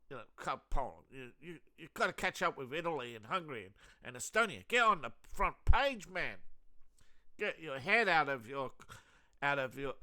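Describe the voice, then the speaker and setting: Australian male host, casual sarcastic commentary, rambling delivery, slightly high voice, crisp tone. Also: bright, forceful tone. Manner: sarcastic, rambling, many fillers and restarts. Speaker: host of a news commentary channel.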